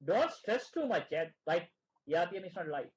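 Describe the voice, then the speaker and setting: High-voiced middle-aged male tutor, repetitive, checks in with "right?" constantly. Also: sing-song, a little fast, rough recording. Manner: keeps asking "right?" and repeats phrases. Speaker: exam prep tutor. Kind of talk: online teaching session.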